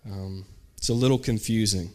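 A man's voice: fairly low pitch, moderate pace. A man, a pastor, telling a story during a sermon and acting out the people in it. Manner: animated storyteller, acts out shouted quotes.

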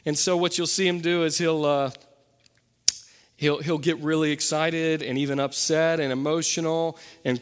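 A young man preaching a sermon as pastor, talking in a loose, conversational way with fillers and quick self-corrections. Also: on the high side, steady tone. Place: church sanctuary. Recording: long reverb from a hall.

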